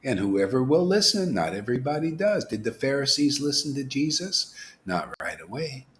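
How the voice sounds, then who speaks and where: A man giving an informal devotional sermon, asking rhetorical questions, dropping to whispers and rising to loud exclamations, laughing now and then. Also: medium pitch, moderate pace. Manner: animated, preachy, swings from hushed whispers to loud exclamations; asks rhetorical questions, laughs at his own jokes. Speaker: spiritual teacher.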